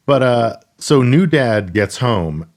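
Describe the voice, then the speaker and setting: A man's voice: medium pitch, very animated, very slow, darkish tone. A man co-hosting a podcast, making wry asides while chatting casually about a movie. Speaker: podcast co-host. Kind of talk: casual movie-review chat.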